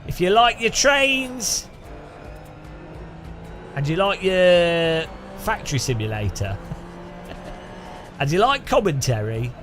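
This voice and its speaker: A man's voice: high voice, very animated, slow pace, long pauses, fairly bright tone, soft background music. A man from England chatting casually with his live-stream audience, laughing often and greeting viewers by name. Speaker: game streamer.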